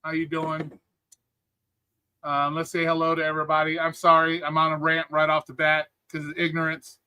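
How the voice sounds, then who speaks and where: Angry streamer host, high tense voice, heated profane rant, calls out his chat. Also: completely flat delivery, a little fast, bright, forceful tone, smooth. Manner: angry, heated, swearing constantly; greets live chat viewers between rants. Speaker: livestream host.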